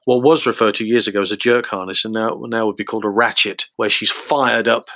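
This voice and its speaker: A man's voice: on the low side, fairly even intonation, fairly quick, sharp tone, no room sound. A man telling stories in casual chat, rambling with many fillers and acting out quotes.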